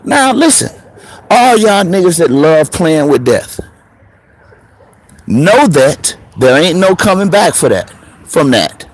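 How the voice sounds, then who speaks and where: A man in his thirties telling a story in a casual, profane monologue, laughing often and swinging between preacher-like highs and murmurs. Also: very animated, slow pace, long pauses, slightly rough. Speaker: show host.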